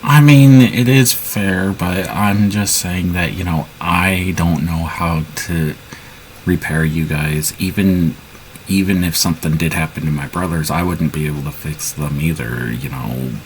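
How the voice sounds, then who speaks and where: A man's voice: low-pitched, fairly even intonation, a little slow, a little hiss or hum, poor audio. A man improvising his part in a casual role-play, hesitant and full of restarts. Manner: hesitant, many restarts and fillers.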